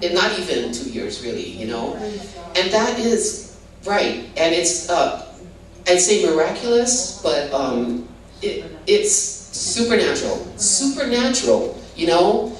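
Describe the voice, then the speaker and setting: A woman's voice: on the low side, very animated, slow pace. Older woman, roomy distant sound. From Hawaii. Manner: rambling, full of "you know" and restarts. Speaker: guest giving a testimony. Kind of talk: casual spoken testimony. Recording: roomy, distant mic with faint background noise.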